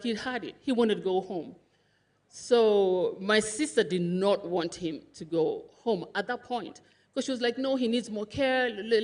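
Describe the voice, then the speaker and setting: A woman's voice: on the high side, darkish tone. A woman giving an emotional tribute at a funeral service, laughing and crying as she speaks about her late brother-in-law. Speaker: eulogy speaker, sister-in-law of the deceased. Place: funeral service before a congregation.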